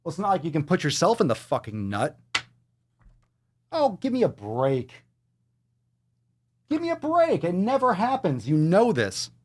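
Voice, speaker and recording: A man's voice: fairly high pitch, huge pitch swings, moderate pace, darkish tone. A man hosting a fitness livestream in casual banter, playful and theatrical, swearing freely. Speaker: livestream fitness show host.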